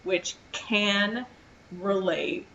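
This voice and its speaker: A woman's voice: medium pitch, extremely slow, fairly bright tone, lo-fi sound, slight background noise. Playful, teasing woman podcast co-host. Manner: playful, teasing, laughs often. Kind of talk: casual chat.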